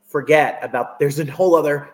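A man's voice: on the high side, brisk, rough recording. A man with a New Jersey accent hosting an interview, asking questions and promoting his guest's album with upbeat emphasis.

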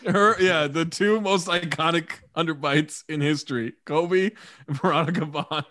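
A man hosts a casual movie chat, walking through the plot with wry asides. His voice is somewhat high, and the recording is dry, with no room sound. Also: moderate pace, bright, forceful tone, dry recording. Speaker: podcast host.

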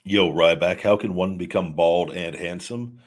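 A man's voice: low voice, steady tone, a little slow. A man hosting a live show, talking casually and emphatically with many restarts while reading viewer messages. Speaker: host reading super chats. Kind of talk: live-stream casual talk.

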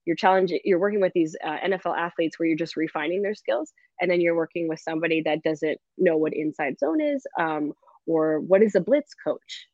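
A woman's voice: on the low side, brisk, no room sound. Laughing woman coach, lo-fi sound. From Canada. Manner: animated and laughing, fills speech with "like". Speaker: football coach, guest. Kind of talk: casual interview chat. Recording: dull lo-fi dry sound.

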